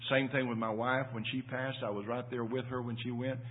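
A man's voice: medium pitch, little pitch movement, a little fast. An older man preaching a sermon in a folksy storytelling way, repeating his words as he goes. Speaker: pastor. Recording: tinny phone-like sound.

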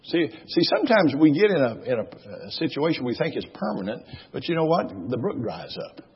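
Husky preacher man, emphatic. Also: on the high side, very animated, brisk. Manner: emphatic, repetitive, swelling into loud exhortation. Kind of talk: sermon. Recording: dull lo-fi recording.

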